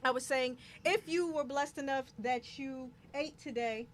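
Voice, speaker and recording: A woman's voice: high voice, unhurried, a little hiss or hum. A woman hosting a live talk show, speaking emphatically and repeating words for stress. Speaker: show host. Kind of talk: casual live show chat.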